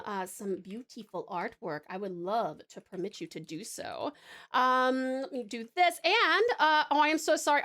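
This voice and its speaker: High, lively woman streamer from Tasmania. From Tasmania, Australia. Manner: gushing, affectionate, flustered. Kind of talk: casual live-stream chat.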